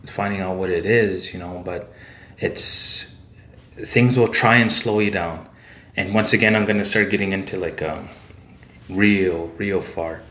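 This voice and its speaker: In a roomy, echoing recording, a man from Saskatchewan wanders through a story as a podcast guest, peppering it with "eh" and "like." His voice is on the low side and a bit bright.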